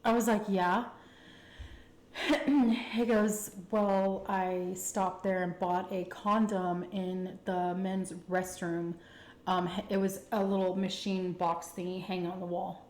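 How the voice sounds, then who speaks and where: A woman with a Texan accent telling a candid, chatty personal story to her viewers, full of fillers and animated retellings. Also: mid-range voice, slow pace, roomy sound. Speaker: food vlogger telling a story. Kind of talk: casual storytime chat.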